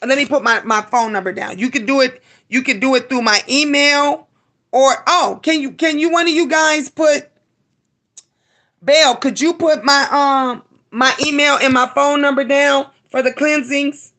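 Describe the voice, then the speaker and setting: A woman's voice: sits high, fairly even intonation, unhurried, fairly bright tone. A middle-aged woman hosting a live stream, talking to her viewers with emotion and often repeating herself for emphasis. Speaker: livestream host.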